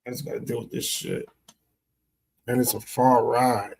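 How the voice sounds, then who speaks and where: A man's voice: mid-range voice, level tone, normal speed, vocal fry, a little mellow, a little hiss or hum, poor audio. A man chatting casually on a podcast in a laid-back way, swearing freely. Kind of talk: casual chat.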